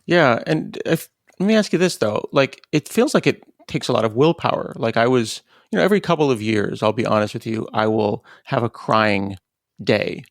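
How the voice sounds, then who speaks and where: Gravelly man hosting a podcast. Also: medium pitch, expressive, normal speed, no room sound, clean studio sound. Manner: candid, personal, asks probing questions. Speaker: podcast host. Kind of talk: casual interview.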